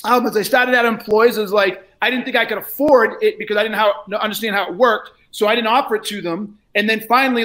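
A man coaching a salesperson in a live role-play, blunt and profane, lecturing and often raising his voice. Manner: often shouts, then drops low.

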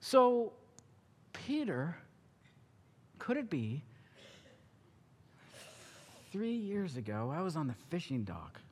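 A male pastor preaching a sermon, telling the story with animated acting-out of characters. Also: a little high, slow, long pauses, big-room sound.

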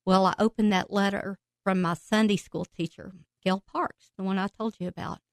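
A woman's voice: medium pitch, moderate pace, no room sound. Woman telling an emotional faith testimony. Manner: emotional storytelling with laughs and excited outbursts. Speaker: guest sharing testimony. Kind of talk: personal faith testimony in a podcast interview.

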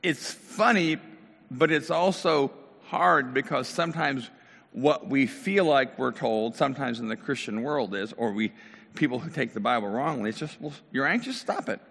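Gravelly-voiced middle-aged pastor in a hall. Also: male voice, medium pitch, normal speed, fairly bright tone. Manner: casual, talks directly to the congregation. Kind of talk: conversational sermon.

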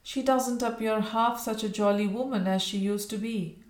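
A woman's voice: a little high, steady tone, normal speed, lightly acted. A mild, rueful Victorian husband , read by a woman narrator, puzzled but good-natured. The voice is raised a little above her own. The recording has a roomy echo.

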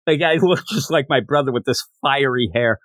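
A man's voice: mid-range voice, fairly quick, a bit bright, no echo. A man co-hosting a podcast, chatting casually as he recaps a manga chapter and slips into character voices while retelling it. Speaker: podcast co-host.

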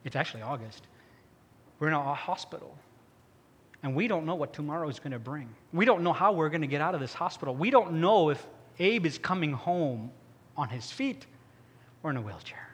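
A man's voice: on the high side, lively intonation, brisk, slightly rough. Man telling his story in a big hall. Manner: storytelling, dramatic swings from hushed to loud. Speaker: speaker giving testimony. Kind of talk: personal testimony to an audience. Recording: long hall reverb.

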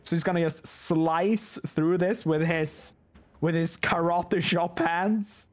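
A man playing a tabletop game, explaining his attacks in a halting way with many fillers. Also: fairly high pitch, steady tone. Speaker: player.

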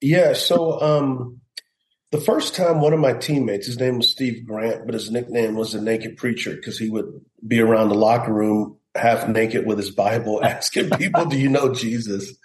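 A man's voice: mid-range voice, fairly even intonation, normal speed, reverberant, slight background noise. A middle-aged man, a pastor and guest, telling a personal testimony in an earnest storytelling way and acting out the voices he quotes. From United States.

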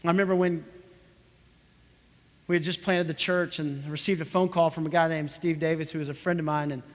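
Pastor, male, high voice, storytelling sermon that swells to fervent emphasis. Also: steady tone, brisk, long reverb tail.

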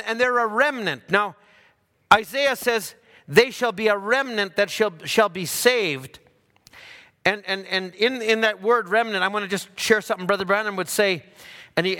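A man preaching a sermon, dropping low for asides and rising loud for emphasis. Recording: hall reverb.

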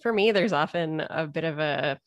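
Woman guesting on a podcast, kinda low voice, laughs a lot, dry close sound. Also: normal speed, no echo. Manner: laughs often, chatty and easygoing. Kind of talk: casual podcast chat.

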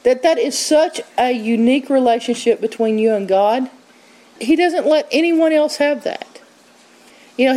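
A woman teaching on scripture in a conversational, animated way, quoting verses and acting out what people said. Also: fairly high pitch, rough recording. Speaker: Bible teacher.

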